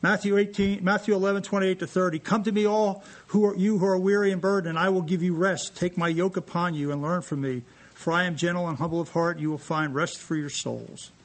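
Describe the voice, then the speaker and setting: Animated high-voiced male preacher. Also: a little fast. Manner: animated, jokey, reading scripture aloud to a congregation. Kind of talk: sermon. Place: church sanctuary.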